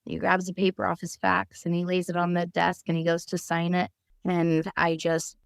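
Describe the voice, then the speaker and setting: A woman with a clear, smooth, slightly low voice shares personal stories on a podcast at a moderate pace and in a completely flat delivery. Earnest and open, she still brings remembered dialogue vividly to life, and the recording is dry and close-miked with no echo.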